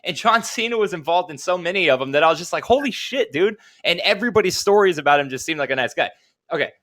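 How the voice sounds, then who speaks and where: Talking very fast with lively intonation, a young podcast co-host rambles through stories in casual chat. His fairly high voice has a sharp edge, and he laughs frequently and drifts off mid-sentence.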